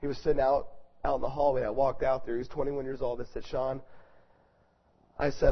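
A man preaching a sermon, swinging from loud, forceful preaching to soft, hushed storytelling. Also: medium pitch, fairly even intonation, fast, breathy edge, lo-fi sound.

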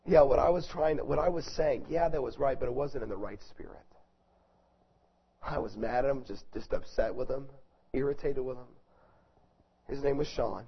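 A man preaching a sermon, swinging from loud, forceful preaching to soft, hushed storytelling. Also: medium pitch, moderate pace, vocal fry, pauses often, breathy edge, lo-fi sound.

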